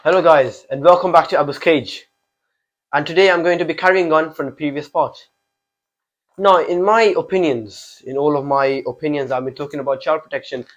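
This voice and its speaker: A man's voice: on the high side, low-quality recording. A fifteen-year-old boy hosting his own channel, delivering an impassioned opinion monologue full of repeated rhetorical questions. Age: teens. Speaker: channel host.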